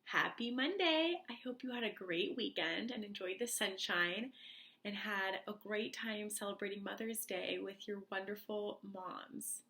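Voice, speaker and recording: Slow, bright-voiced woman teaching early readers. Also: medium pitch. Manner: slow, clear and encouraging, like a teacher to small kids. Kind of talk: reading lesson for young children.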